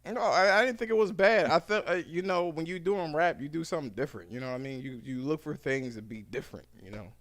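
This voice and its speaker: Guy hosting a podcast, kinda high voice, cussing and rambling through a story. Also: fast, hardly any pauses, a bit bright. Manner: loose, profane storytelling. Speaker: podcast host. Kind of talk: casual podcast banter.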